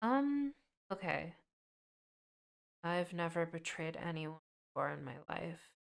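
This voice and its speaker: A woman's voice: on the low side, very animated, takes it slowly, vocal fry, smooth. A young woman streaming a game, chatting casually and fussing over her audio settings during a mic check.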